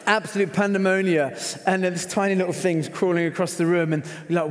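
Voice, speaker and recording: Animated man preaching in a big hall. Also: fairly high pitch, fast talker, hardly any pauses. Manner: animated storyteller, acts out quotes with shouts. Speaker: conference speaker. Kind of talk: sermon with a told story. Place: large performing arts hall. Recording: long hall reverb.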